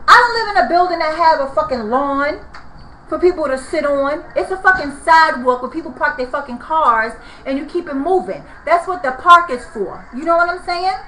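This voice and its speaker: Angry, high-pitched New woman ranting. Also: expressive, moderate pace, bright, forceful tone, echoey room, slight background noise, low-quality recording. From New York. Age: 30s. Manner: heated, profane, repetitive ranting. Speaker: vlogger. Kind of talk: angry venting vlog.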